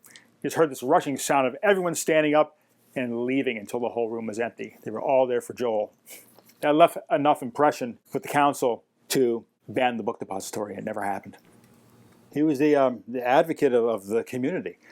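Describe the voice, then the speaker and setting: A man telling animated anecdotes in an interview, mimicking the people he quotes. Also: medium pitch, brisk. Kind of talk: storytelling interview.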